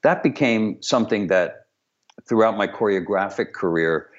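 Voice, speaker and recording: A man's voice: lowish voice, normal speed. A man, a director and choreographer, talking candidly and with humor in a remote interview over a video call. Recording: dull lo-fi call audio.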